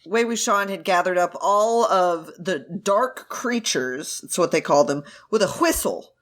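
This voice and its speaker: A woman co-hosting a podcast, recapping a story chapter in casual chat, animated and swearing freely. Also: fairly low pitch, measured pace. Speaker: podcast co-host.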